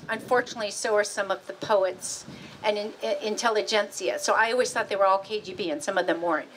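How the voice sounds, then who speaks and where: American woman, fairly high voice, animated storyteller, rambling restarts, faint room hum. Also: low-quality recording. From United States. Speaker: author presenting her book. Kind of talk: storytelling talk. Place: museum event space.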